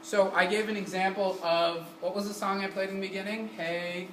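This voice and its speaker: A man's voice: sits high, normal speed. Guy teaching music in a community center room, asks the class lots of questions, sings la now and then, far off mic, echoey with room noise. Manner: energetic, keeps asking the class questions; sings short syllables to demonstrate. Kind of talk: classroom lesson.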